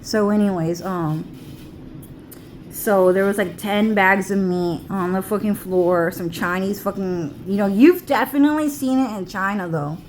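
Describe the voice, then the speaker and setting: A woman's voice: mid-range voice, unhurried, slight background noise. Rambling, foul-mouthed young woman vlogger. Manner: rambling, heavy swearing, lots of "like" and "dude". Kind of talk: rambling casual monologue.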